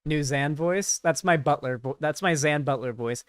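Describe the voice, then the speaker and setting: A man's voice: a little high, moderate pace, few pauses, dry recording, clean studio sound. A man giving casual live-stream commentary, rambling and profane, with lots of fillers.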